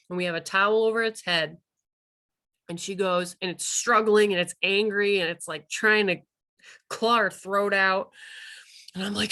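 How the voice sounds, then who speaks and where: A woman, a wildlife rehabilitator telling her own story in a continuing education talk, animated and acting out the dialogue. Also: mid-range voice. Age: 30s. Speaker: wildlife rehabilitator and vet tech presenter.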